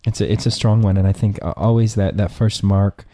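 A man hosting a casual interview, supportive and quick to laugh. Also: on the low side, steady tone, mellow.

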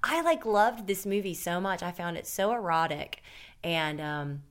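A woman's voice: on the low side, lively intonation, measured pace. A woman hosting a podcast, chatting casually and candidly, rambling with lots of fillers. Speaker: podcast host. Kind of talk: casual chat.

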